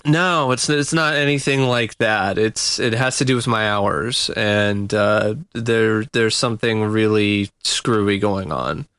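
A man co-hosting a podcast, talking casually and haltingly with lots of fillers. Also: fairly low pitch, fairly bright tone, clear, resonant tone, dry recording. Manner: hesitant, many fillers. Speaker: podcast co-host. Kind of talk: casual chat.

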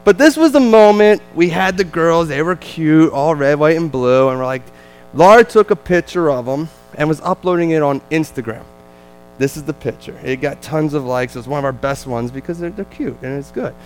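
Lively man with a Jersey accent. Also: fairly high pitch, normal speed, smooth, faint music behind, low-quality recording. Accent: New Jersey. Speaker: visiting missionary speaker. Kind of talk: storytelling to a church congregation.

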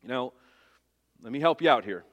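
A man's voice: medium pitch, lively intonation, fairly quick, big-room sound. A man pastor preaching a sermon, earnest and emphatic, putting rhetorical questions to his congregation.

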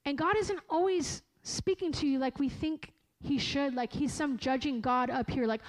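A woman with a high, light voice preaches a sermon in an earnest and emphatic way. She leans into phrases slowly and often stops to correct herself mid-thought. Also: low-quality recording. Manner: earnest, slow and emphatic, with frequent self-corrections.

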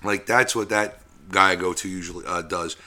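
A man with a lowish voice and a bright, sharp tone, chatting casually on a podcast. He tells his stories in a relaxed, rambling way and swears often. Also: moderate pace. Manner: laid-back storytelling with frequent swearing. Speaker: podcast co-host. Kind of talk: casual chat.

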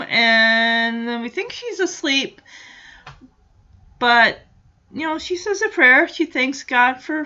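A woman's voice: fairly high pitch, sharp tone, muffled recording. A woman hosting a podcast, chatting casually through a recap with many "you know" fillers. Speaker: podcast host.

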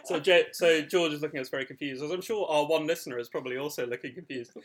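A young man co-hosting a casual podcast chat, joking and teasing, getting excitable about the topic. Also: on the high side, rapid-fire. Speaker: podcast co-host.

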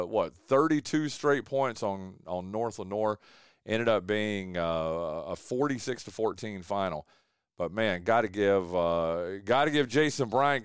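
A man hosting a casual sports radio show from his home studio. He talks in an excitable, rambling, folksy way. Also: medium pitch, clean tone, no echo.

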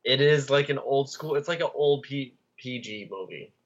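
A man's voice: medium pitch, normal speed. Young college guy rambling on a podcast, says like a lot, kinda muffled recording. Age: young adult. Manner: rambling, full of "like" fillers. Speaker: podcast co-host. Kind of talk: casual chat.

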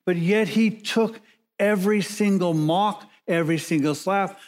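A man preaching a sermon as pastor, measured and emphatic, slowing down and pausing to stress key words. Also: high-pitched.

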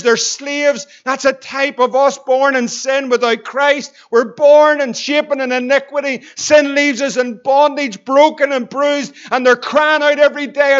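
A man preaching an impassioned sermon, swinging between loud and hushed. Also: extremely high pitch, dull audio. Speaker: pastor.

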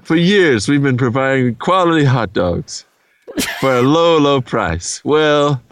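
A man playing a flustered, folksy hot dog salesman in an improvised comedy commercial, pitching to the folks at home and giggling. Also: expressive, takes it slowly, dry recording. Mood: salesy.

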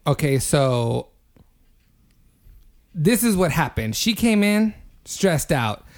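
A man's voice: a little high, slow pace. A young man in his twenties, co-hosting a podcast, tells a story in casual chat with lots of swearing and building energy. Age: 20s. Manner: animated, profane, building a story step by step. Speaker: podcast co-host.

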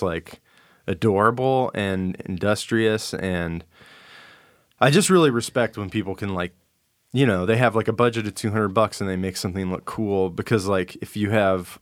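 Deep-voiced wry rambling man. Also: moderate pace, dry recording, clean studio sound. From Arizona. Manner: rambling, wry, many restarts and fillers. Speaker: guest, cartoon creator. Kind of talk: casual podcast chat.

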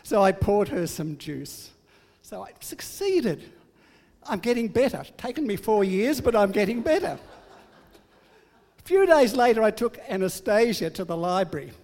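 A man's voice: sits high, very animated, moderate pace, darkish tone, big-room sound. Older man preaching with humor. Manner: humorous, self-deprecating storytelling. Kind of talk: sermon.

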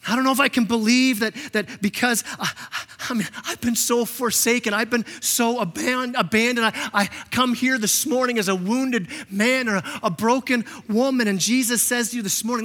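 Pastor guy preaching, high voice, stumbles over repeats, big church reverb. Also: steady tone, moderate pace, few pauses. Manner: impassioned, repeats words, acts out quotes softly. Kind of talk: sermon. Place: church sanctuary. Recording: long reverb of a church hall.

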